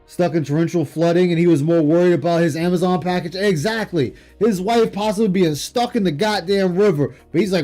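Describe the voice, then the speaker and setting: Man, very high voice, streamer, cursing tirade, scornful, shouts in bursts, faint music behind. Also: a little fast, hardly any pauses. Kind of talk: heated late-night stream rant. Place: home streaming setup.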